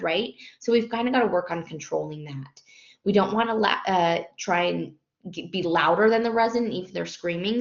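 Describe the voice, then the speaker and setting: A woman giving a recorded nursing lecture in a conversational way, with frequent ums and self-corrections. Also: fairly low pitch. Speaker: nursing instructor. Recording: dull, roomy lecture audio.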